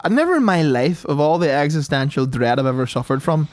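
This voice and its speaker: A man's voice: fairly high pitch, fast. Sweary young man telling a story. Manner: sweary, animated storytelling with mocking quoted voices. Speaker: podcast co-host. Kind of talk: casual banter.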